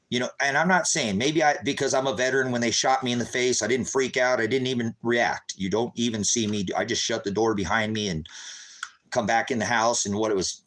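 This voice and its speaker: A man pours out an agitated, impassioned monologue to his followers, calling them brothers and sisters. His voice sits mid-pitched and climbs loud and high when stirred. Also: rough recording. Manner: grows loud and high when recounting the raid. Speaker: street preacher vlogger.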